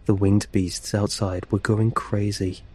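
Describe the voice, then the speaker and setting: A man narrating a horror story for a podcast in a slow, hushed and tense way. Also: lowish voice, level tone, slightly rough.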